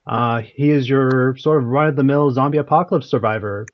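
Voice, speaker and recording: A man's voice: medium pitch, a little fast. A man describing his role-play character in a hesitant way with many fillers. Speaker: player. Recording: dull online call audio.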